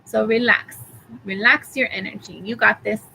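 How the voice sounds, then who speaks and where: Soothing tarot reader woman, bright voice. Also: on the high side, fairly even intonation, moderate pace, vocal fry, slight background noise, low-quality recording. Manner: soothing, reassuring affirmations; rambling, with fillers and restarts. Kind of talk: live tarot reading for a viewer.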